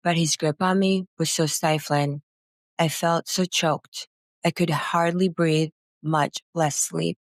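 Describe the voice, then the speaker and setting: A woman with a very low, gravelly voice reads a first-person memoir at a slow, unhurried pace. Her delivery is somber, and the recording is dry and close. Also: steady tone, no echo. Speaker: narrator.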